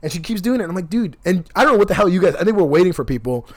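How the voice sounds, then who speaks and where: A young man talks in a quick, excitable rush, peppered with swearing. His voice sits slightly high. He tells the story casually and acts out each quoted line. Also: a crowd in the background. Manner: profane, animated, acts out quotes.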